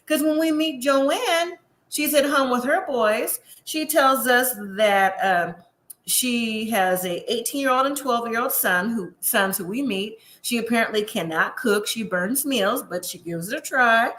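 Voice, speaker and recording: A woman's voice: a little high, a little slow, a bit bright. A woman from the US West Coast gives a chatty, sassy recap of a reality show and talks straight to her viewers. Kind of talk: casual recap commentary. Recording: echoey room.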